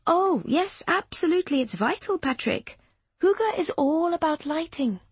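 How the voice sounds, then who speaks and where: A woman's voice: very high voice, animated, measured pace, no room sound, voice pushed up. Woman voicing Clara, an earnest young woman. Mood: bright, playful. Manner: earnest, explaining gently.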